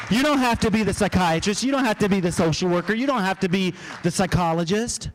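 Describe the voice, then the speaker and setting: A man's voice: high-pitched, fast talker, hardly any pauses, some chatter behind, a little hiss or hum. A man giving a conference keynote, telling stories and laughing at his own anecdotes. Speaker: keynote speaker. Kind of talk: storytelling keynote speech. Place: conference hall.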